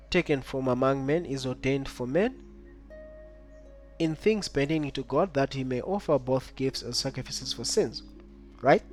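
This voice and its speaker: A man teaching a Bible study lesson, reading verses aloud and keeping up a steady stream of rhetorical questions to his listeners. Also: a little high. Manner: keeps asking the listener rhetorical questions like "right?" and "what?"; reads scripture aloud in old-style wording.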